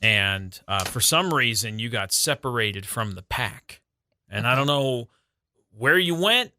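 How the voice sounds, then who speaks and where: A man's voice: medium pitch, lively intonation, measured pace, slight background noise. Teasing man on radio banter. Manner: teasing, mimics others with loud exaggerated yells. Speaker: radio co-host. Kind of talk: casual banter.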